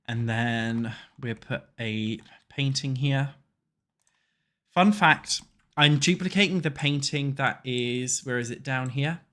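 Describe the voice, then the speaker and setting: A streamer stuffed up from a cold talks loosely with his live viewers from his desk while playing, swearing freely, joking crudely and teasing the chat. He speaks slowly in a medium-pitched, slightly bright voice.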